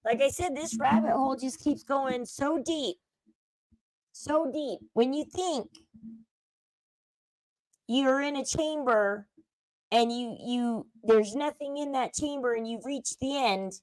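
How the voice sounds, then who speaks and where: A woman's voice: high-pitched, slow pace, pauses often, darkish tone, no room sound, rough recording. A woman streamer giving emphatic true-crime gossip commentary, repeating points and lecturing her viewers.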